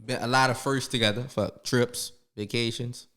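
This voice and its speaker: A man in his twenties hosting a podcast, chatting casually and teasing his guest with quick questions. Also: mid-range voice, steady tone, fairly bright tone. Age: 20s. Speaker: podcast host.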